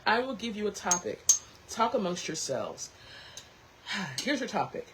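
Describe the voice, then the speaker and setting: A woman hosting her own tea talk show, chatting casually to camera, lively and quick to laugh. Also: mid-range voice, noisy background.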